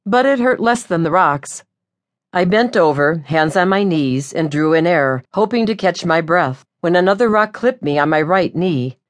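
A woman narrating a first-person audiobook in a wry, lively way. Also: fairly low pitch.

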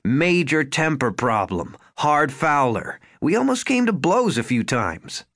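A man's voice: fairly high pitch, very animated, a little slow, fairly bright tone, no echo, clean studio sound, voice pushed up, exaggerated voice. A man voicing a worried young husband who speaks bluntly. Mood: tense.

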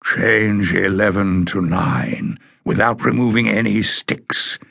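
A man voicing a grim, bewitched male bridge guard in a storybook, with a low, rasping voice and slow, flat delivery. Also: no echo, clean studio sound, heavily acted.

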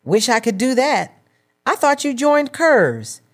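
A woman's voice: high voice, sing-song, takes it slowly, pitched above the performer's own voice, full character voice. A woman narrator voicing a plain-spoken, teasing church-going sister with a sassy, folksy manner. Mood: joking.

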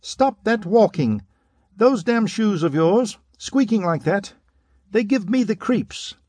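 A man voicing a nervous, pudgy middle-aged man who speaks in a high-pitched, whining voice in an audiobook. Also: expressive, takes it slowly, a little mellow, dry recording, exaggerated voice. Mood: irritated.

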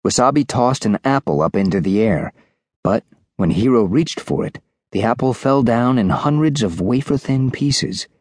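A man narrating a children's audiobook in an animated storytelling manner. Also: medium pitch, moderate pace, no echo, clean studio sound. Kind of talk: scripted narration.

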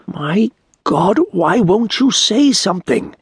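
A man's voice: high-pitched, animated, slow pace, breathy edge, dry recording, studio quality, pitched above the performer's own voice, full character voice. A man voicing an old, secretive male stranger in a monk's habit, speaking in an urgent, pleading whisper.

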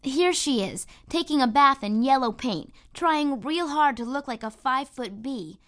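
Female narrator for a first-person kids' audiobook, lively and conversational, slightly high voice. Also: unhurried.

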